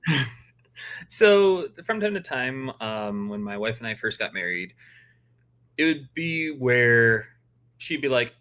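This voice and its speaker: A man co-hosting a podcast in a casual chat, his voice in a middle register. He tells a personal story in a relaxed, anecdotal way. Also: mid-range voice, unhurried, long pauses. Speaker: podcast co-host.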